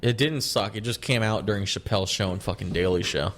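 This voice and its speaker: A man's voice: on the low side, a little fast, a bit bright, a little hiss or hum. A man co-hosting a podcast in casual chat, rambling and profane, often laughing and restarting his sentences. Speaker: podcast co-host.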